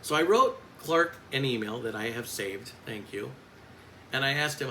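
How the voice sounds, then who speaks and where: A man's voice: mid-range voice, expressive, moderate pace, sharp tone, a little hiss or hum, low-quality recording. Blunt, profane man ranting. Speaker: coach. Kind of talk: angry vlog rant.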